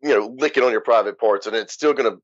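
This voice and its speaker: This candid interview features a Louisiana man, an author, who tells his story bluntly and frankly as the guest. He talks at a quick pace in a medium-pitched voice, and the recording is dull, dry, and lo-fi without any room sound.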